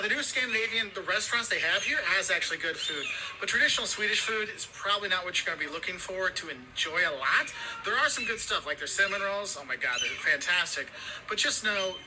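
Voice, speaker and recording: A man's voice: high voice, background noise. A man presenting travel tips in a chatty, upbeat way, laughing easily as he goes.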